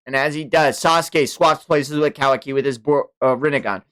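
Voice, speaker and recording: A man streaming a manga read-along, narrating the action in a casual way with quick informal asides. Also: medium pitch, fairly bright tone, clear, resonant tone.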